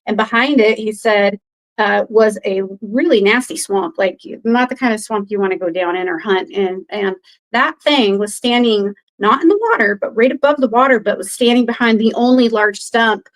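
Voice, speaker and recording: A woman's voice: mid-range voice, moderate pace, poor audio. A woman guest telling a story in casual chat, rambling with many fillers and acting out other people's quoted lines. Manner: animated retelling, acts out others' quoted lines. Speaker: podcast guest.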